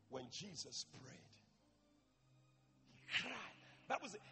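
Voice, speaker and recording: A man preaching an impassioned sermon in a church, swinging between shouting and hushed speech and repeating phrases for emphasis. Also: high voice, big pitch swings, takes it slowly, long pauses, big-room sound.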